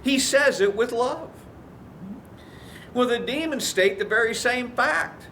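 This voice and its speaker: High voiced preacher guy, storytelling sermon, bit of faint noise. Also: animated, slow pace, pushed and bright. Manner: storytelling, acts out quoted voices. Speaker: pastor.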